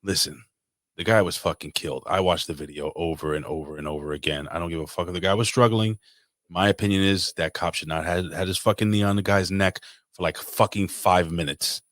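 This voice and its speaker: Low-voiced, swearing man ranting. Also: a little fast, a bit bright, no room sound, clean studio sound. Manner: profane ranting. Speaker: podcast co-host. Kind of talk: casual chat.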